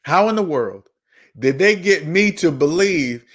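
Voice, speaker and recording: A man's voice: a little high, animated, unhurried. A man hosting a personal finance channel, talking in an emphatic, preachy way, repeating his points and scolding viewers. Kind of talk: emphatic monologue.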